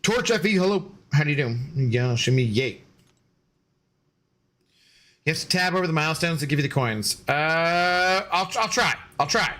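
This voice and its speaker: A man's voice: a little high, lively intonation, normal speed, pauses often, fairly bright tone. A man chatting casually on a gaming live stream, rambling, joking and answering chat.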